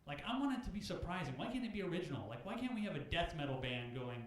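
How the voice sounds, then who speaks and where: A man doing a stand-up comedy set at an open mic, animated and loud, jumping into high shouted bits. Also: fast, few pauses. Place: comedy club stage. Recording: very echoey club room.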